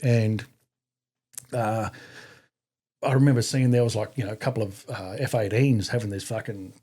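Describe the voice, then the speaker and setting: Profane Australian man with a mellow voice. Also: on the low side, normal speed, slightly rough. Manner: profane, animated, acts out quoted voices. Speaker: podcast guest, army veteran. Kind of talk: casual storytelling.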